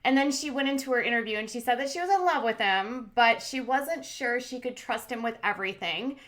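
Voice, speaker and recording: Chatty, sarcastic woman with a high voice. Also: fairly quick, a bit bright. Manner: chatty and sarcastic, many fillers. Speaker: commentary channel host. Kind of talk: casual recap commentary.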